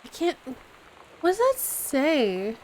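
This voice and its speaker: A woman's voice: high voice, wildly swooping pitch, slow, darkish tone, slight background noise, low-quality recording. A woman streaming a game live, musing aloud and puzzling over clues as she plays.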